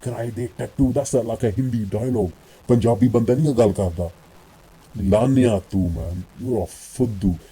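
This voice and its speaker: Guy ranting and scolding, lots of swearing, very dark mellow voice. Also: fairly low pitch, moderate pace, breathy edge, rough recording. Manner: blunt and scolding, swears freely, switches between English and Punjabi. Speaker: commentator. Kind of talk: video rant.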